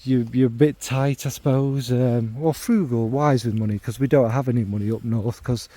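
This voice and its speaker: At a normal speed and a steady, dark, mid-range tone, this middle-aged man from the North Midlands chats about fragrances. As a fragrance vlogger, he rambles through his casual monologue, running himself down with plenty of ums and asides.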